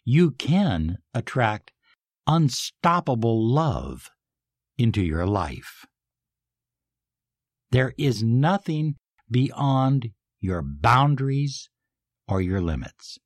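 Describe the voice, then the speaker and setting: A man speaking as a life coach in a motivational talk, leading affirmations and shifting from emphatic, pumped-up lines to soft, slow ones. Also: mid-range voice, sing-song, dry recording.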